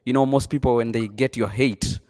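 A man's voice: medium pitch, steady tone, fairly quick, a little mellow, dry recording. A man hosting an interview, asking hesitant questions with many fillers. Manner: hesitant questions full of fillers, frequent backchannel. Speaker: interview host. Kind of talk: conversational interview.

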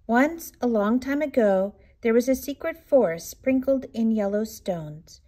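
Female reader, children's read-aloud, lilting and expressive, slightly high-pitched. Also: unhurried. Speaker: storybook reader.

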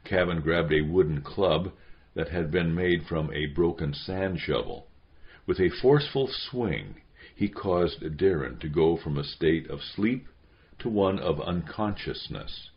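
A man narrating an audiobook in a measured way, slowing down on grim details. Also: deep voice, expressive, highs cut off. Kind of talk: scripted narration.

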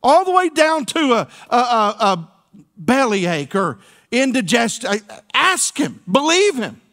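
A man's voice: very high voice, big pitch swings, slow, fairly bright tone. A man pastor preaching a sermon in a church, folksy and playful, with call-and-response asides to the congregation. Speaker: senior pastor. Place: church sanctuary.

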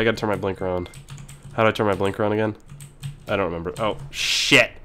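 Sick male gamer yelling and swearing. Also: fairly low pitch, a little hiss or hum. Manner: excitable, swears and yells at mishaps. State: sick, clearing throat and coughing. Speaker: gaming video host. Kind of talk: casual let's-play commentary.

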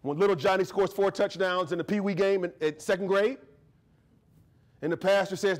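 A man giving a lively, conversational guest lecture as a history professor, joking and often checking in with his audience. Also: sits high, normal speed. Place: university lecture to a live audience.

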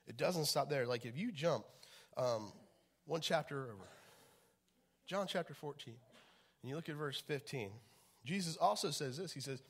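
Chatty pastor with a slightly high voice. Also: male voice, normal speed, long pauses, breathy edge. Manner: chatty, lots of fillers and restarts, animated swings in loudness. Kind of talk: casual conversational sermon.

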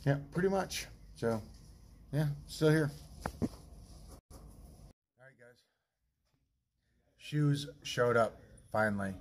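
A man's voice: mid-range voice, lively intonation, takes it slowly, long pauses, slight background noise. A man vlogging on a long hike, talking casually to the camera and ranting in a tired, annoyed way. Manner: ranting, annoyed and tired, swears then apologizes. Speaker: long-distance hiker vlogger.

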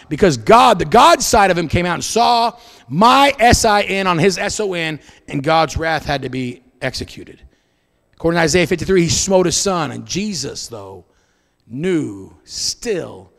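A man preaching as pastor to his congregation, swinging between booming and hushed delivery in a church. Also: vocal fry, big-room sound. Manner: preaching with wide swings in loudness and pitch. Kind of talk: sermon. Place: church sanctuary.

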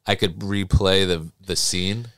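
A man's voice: sits low, steady tone, a little slow, fairly bright tone, no echo, clean studio sound. A young man chatting casually as a podcast co-host, rambling, swearing often and trailing off mid-sentence. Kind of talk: casual chat.

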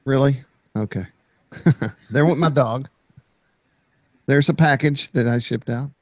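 A man with a gravelly edge to his voice co-hosts a relaxed hobby chat. His talk is enthusiastic as he narrates his own video clips, and the sound is dry and close. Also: medium pitch, slow pace, no room sound. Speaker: co-host. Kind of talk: casual chat.

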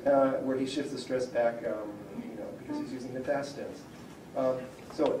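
A man's voice: medium pitch, normal speed. Lecturing man, echoey and distant. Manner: conversational, explaining and reading out word examples. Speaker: professor of Slavic linguistics. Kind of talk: public lecture. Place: civic centre lecture room. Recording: echoey room, voice from far off, faint hum.

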